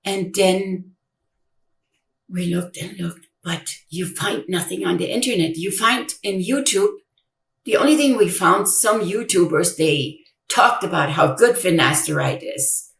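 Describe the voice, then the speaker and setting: An older woman giving a personal account in an interview, speaking haltingly and repeating her words as she retells conversations. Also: lowish voice, vocal fry, fairly bright tone. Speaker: interview guest, grieving mother. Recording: echoey room, distant mic.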